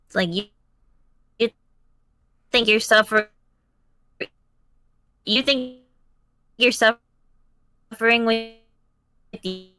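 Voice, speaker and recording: A woman's voice: fairly high pitch, steady tone, drawn-out words, pauses often, pushed and bright. A woman co-reader on a stream, chatting casually in a nervous, laughing way. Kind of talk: casual chat.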